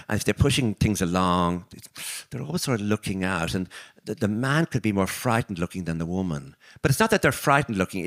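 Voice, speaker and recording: An older man with an Irish accent speaks in a fairly low voice at a live book event. He tells reflective stories, often restarting his sentences and slipping into animated quoted voices. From Ireland. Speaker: author, interview guest. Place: arts venue, live audience.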